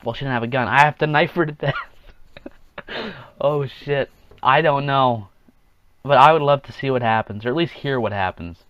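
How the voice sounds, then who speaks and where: A man's voice: medium pitch, moderate pace, pauses often, muffled recording. A man hosting a casual solo podcast, rambling along, chuckling at his own jokes and acting out quotes in offhand voices. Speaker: podcast host.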